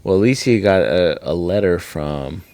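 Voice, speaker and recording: A man's voice: low voice, lively intonation, normal speed, a little mellow, no room sound. A man in his thirties co-hosting a podcast, talking candidly about family and swearing freely. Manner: candid, swearing, acts out quoted dialogue. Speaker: podcast co-host. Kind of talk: casual chat.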